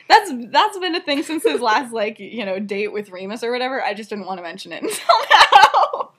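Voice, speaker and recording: Young woman, slightly high voice, chatty, giggly, lots of fillers. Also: sing-song, a little fast, hardly any pauses, fairly bright tone, slightly rough. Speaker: podcast co-host. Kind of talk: casual chat retelling a fan story.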